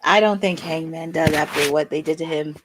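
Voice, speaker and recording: A woman's voice: low-pitched, fairly even intonation, a little fast, background noise. A woman co-hosting a wrestling watch-along, giving casual live commentary in a chatty, wry, sarcastic way.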